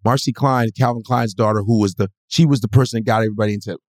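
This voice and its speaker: Animated storytelling comedian, dry sound. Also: male voice, on the low side, rapid-fire, no echo. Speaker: comedian guest. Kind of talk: casual podcast chat.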